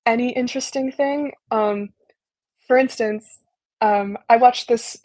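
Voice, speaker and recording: A young woman giving a casual online talk, explaining slowly with lots of ums and likes. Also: a little high, no room sound. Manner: relaxed, filler-heavy explaining with frequent ums and likes. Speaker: embassy intern presenting a virtual talk. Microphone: video call.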